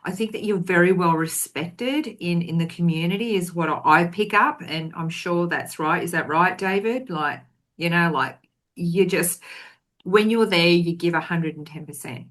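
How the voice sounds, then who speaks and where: A woman's voice: on the low side, moderate pace. A woman co-hosting an interview, chatty and complimentary in her manner. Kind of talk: interview conversation.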